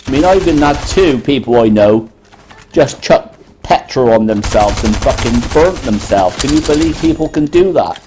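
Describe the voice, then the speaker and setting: A man's voice: medium pitch, animated, moderate pace, background noise. A British man in casual chat, telling a story bluntly. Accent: British English.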